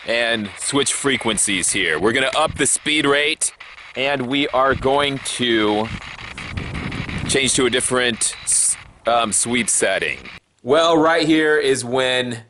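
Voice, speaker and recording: A man's voice: medium pitch, pushed and bright. A man hosting a paranormal investigation show, narrating a ghost hunt in an earnest, plain-spoken way.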